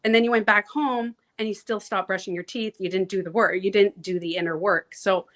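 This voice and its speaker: A woman coach talking casually in an interview, animated, acting out inner voices and laughing easily. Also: medium pitch, a little fast. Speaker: transformation coach, guest.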